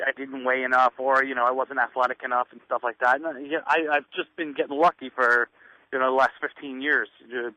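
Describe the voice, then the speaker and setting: A man's voice: medium pitch, no room sound. A man in his thirties from the Northeastern US, a wrestler telling stories as a guest, full of fillers and acted-out quotes. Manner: rambling storyteller, many fillers, acts out quotes. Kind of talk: casual phone interview. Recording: muffled dry lo-fi radio audio.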